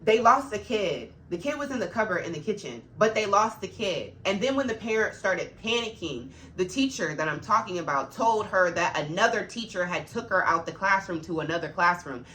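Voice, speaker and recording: A woman's voice: mid-range voice, lively intonation, fairly quick, few pauses, a bit bright, a little hiss or hum. A woman who works as an after-school program supervisor tells a work story straight to camera, getting heated, blunt and swearing freely as she vents.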